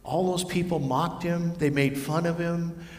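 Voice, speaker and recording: A man's voice: on the high side, steady tone, measured pace. Man preaching in an echoey hall. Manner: storytelling, varies voice for figures. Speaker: pastor. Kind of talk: sermon. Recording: echoey hall with long reverb.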